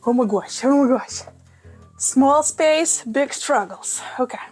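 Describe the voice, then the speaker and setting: A woman with a Russian accent chats casually to camera from a small room at home, gushing and quick to exclaim. Her voice sits a little high, with soft music playing faintly underneath. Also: husky. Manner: gushing, enthusiastic, exclaims often. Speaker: plant vlogger. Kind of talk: casual vlog. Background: soft background music.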